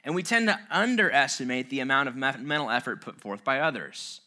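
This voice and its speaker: A man's voice: medium pitch, expressive, fairly quick, hardly any pauses, pushed and bright. A man giving an informal talk on relationships, earnest and conversational, with self-mocking asides. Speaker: speaker on relationships.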